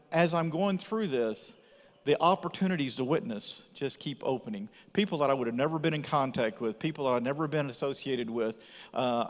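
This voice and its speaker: A man from Texas giving his missionary testimony in church, telling the story with energy and acting out what people said. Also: mid-range voice. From Texas, USA. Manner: animated storyteller acting out dialogue. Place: church sanctuary. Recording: reverberant church hall.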